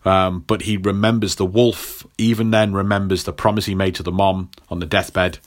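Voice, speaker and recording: A man's voice: low voice, flat delivery, moderate pace. A man recapping a story in a rambling, playful way for a podcast. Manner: rambling, playful, many ums. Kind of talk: comic plot recap.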